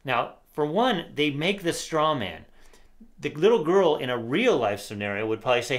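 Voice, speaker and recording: A man's voice: on the high side, sing-song, moderate pace. Opinionated middle-aged man co-hosting a talk show. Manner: opinionated, reads quotes aloud with sarcasm. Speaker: podcast co-host. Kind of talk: casual political commentary.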